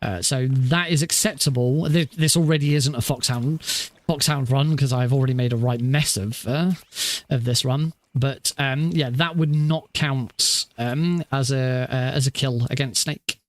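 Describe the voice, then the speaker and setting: A man's voice: mid-range voice, fairly even intonation, measured pace, dry recording. A man casually commenting on his own speedrun practice, rambling and self-deprecating with lots of fillers and restarts. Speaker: speedrunner streamer.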